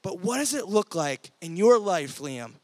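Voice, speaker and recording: A man's voice: high-pitched, measured pace, no room sound. A young adult man preaching to a youth group, telling stories with energy and acting out the voices of the people in them. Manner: energetic storytelling, acts out quoted voices. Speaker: youth pastor. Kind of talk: sermon.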